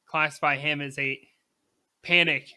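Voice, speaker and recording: A young man co-hosting a casual sports podcast in a bright, forceful voice that sits a little high. He talks emphatically and with animation, laughing easily between his points. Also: steady tone, measured pace, clear, resonant tone. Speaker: podcast co-host.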